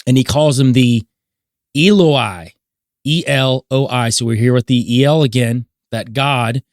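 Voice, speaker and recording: Brisk man laying out facts. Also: mid-range voice, no room sound, clean studio sound. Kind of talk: casual chat, explaining history.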